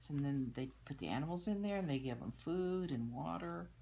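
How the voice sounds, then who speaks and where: An older woman reading a children's picture book aloud, chatting gently about the pictures and sometimes dropping to a whisper. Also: sits low, animated, normal speed, vocal fry.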